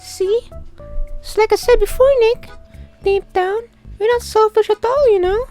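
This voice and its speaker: A woman's voice: very high voice, a little slow, faint music behind. A woman voicing a cheerful, bubbly, airheaded teenage girl in a visual novel, gushing and giggly. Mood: affectionate. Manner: gushing, giggly, easily excited.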